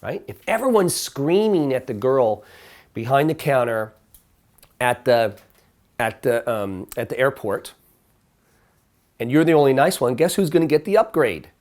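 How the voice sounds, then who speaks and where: A middle-aged man leads a casual coaching session and tells stories with real swing in his voice. He slips into higher, exaggerated voices to act out the people in his stories. His pitch sits in the middle of the male range. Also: unhurried, long pauses. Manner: animated storyteller acting out quoted dialogue in higher voices. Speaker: dating coach. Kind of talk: casual coaching talk to a small group.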